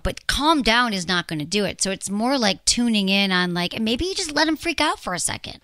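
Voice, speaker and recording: A woman's voice: medium pitch, moderate pace, no room sound, studio quality. A woman hosting a relationship advice show, chatting casually and acting out quoted lines. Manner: animated, acts out quoted lines.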